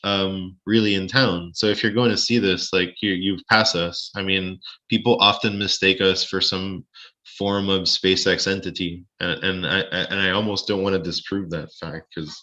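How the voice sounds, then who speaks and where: A man's voice: sits low, fairly even intonation, normal speed, bright, forceful tone, highs cut off. A man being interviewed over a live stream, chatty and rambling, with lots of restarts and joking asides. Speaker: space-tourism lodging owner.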